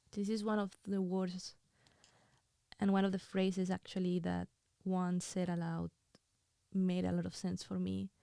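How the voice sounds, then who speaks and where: Tearful woman with a mellow voice. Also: mid-range voice, vocal fry, no room sound, studio quality. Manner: emotional, halting, intimate. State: crying. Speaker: host. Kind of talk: confessional reading of her own writing.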